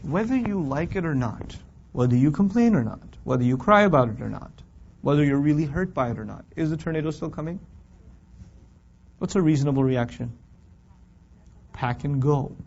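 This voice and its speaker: A man teaching a Quran class in a lively, conversational way, firing rhetorical questions at his students and acting out complaining voices. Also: on the high side, normal speed, long pauses. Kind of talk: classroom lecture on scripture. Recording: dull lo-fi recording.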